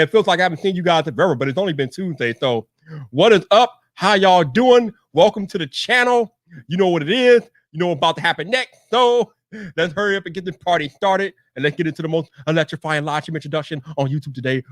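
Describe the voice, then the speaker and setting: A man hosting a tech live stream, hyping up his audience with repeated catchphrases and shouted greetings to viewers in the chat. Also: on the high side, no room sound, studio quality. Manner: energetic, repetitive hype with shouted catchphrases. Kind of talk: hyped live-stream banter.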